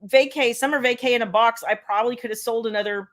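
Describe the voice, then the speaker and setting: A woman's voice: a little high, fairly even intonation, fast talker. Middle-aged woman, casual live-stream host, chatty and rambling. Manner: chatty, rambling, answers viewer comments by name. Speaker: romance author hosting a live stream.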